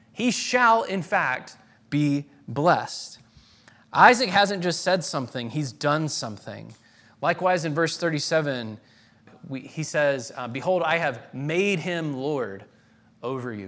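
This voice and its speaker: A man's voice: fairly high pitch, fairly bright tone. A man. He talks conversationally, trips and restarts often, and lifts his voice sharply when he voices a quoted line. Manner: dramatic reading of quotes with rising voice. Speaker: preacher. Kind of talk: sermon.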